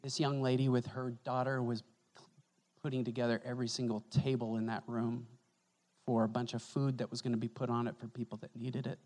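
A male pastor giving an animated, conversational sermon in a church, joking with the congregation. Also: medium pitch, brisk. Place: church sanctuary. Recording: echoey church hall.

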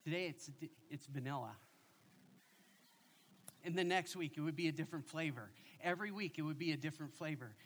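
Animated storytelling male pastor. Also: on the high side, fairly quick, pauses often, slight background noise. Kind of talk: sermon.

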